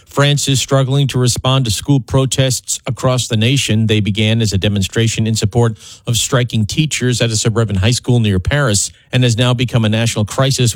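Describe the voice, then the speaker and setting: A man reading a radio news bulletin in a measured, formal way. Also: medium pitch, no echo, poor audio. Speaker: radio newscaster.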